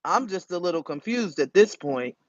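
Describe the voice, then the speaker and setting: A woman's voice: on the low side, animated, normal speed, darkish tone, no room sound. A woman hosting a casual livestream, talking bluntly and emphatically, with frequent swearing. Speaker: livestream host. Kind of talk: casual live-stream chat. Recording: dull, dry lo-fi phone audio.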